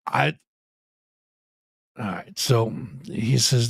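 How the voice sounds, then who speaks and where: A man's voice: mid-range voice, takes it slowly, vocal fry, pauses often, slightly rough, no echo, clean studio sound. A man hosting a live rock show stream, joking and profane, playing up a mock apology. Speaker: podcast host.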